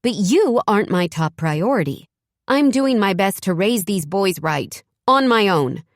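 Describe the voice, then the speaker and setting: A woman's voice: medium pitch, expressive, measured pace, no room sound, clean studio sound, pitched above the performer's own voice. A woman voicing a protective single mother who speaks firmly and scolds. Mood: angry. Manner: firm, scolding.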